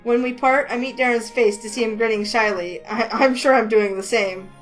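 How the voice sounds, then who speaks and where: A woman reading a romance game aloud in a lively, excitable way, with faint music behind her. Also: on the high side, moderate pace, poor audio. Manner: lively, excitable, voices the heroine with outbursts. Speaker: gaming channel host reading a visual novel.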